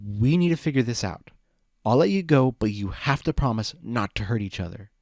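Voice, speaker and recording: A man voicing an earnest, jittery young male dragon in a storybook reading, high and anxious. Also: expressive, moderate pace, a little mellow, no room sound, studio quality.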